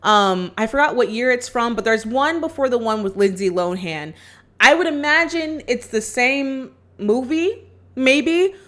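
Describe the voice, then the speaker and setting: Woman vlogger w a higher voice, chatty movie recap, talks right to her viewers. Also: expressive, measured pace, fairly bright tone. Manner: chatty, acts out characters' lines while retelling; upbeat sign-off to viewers.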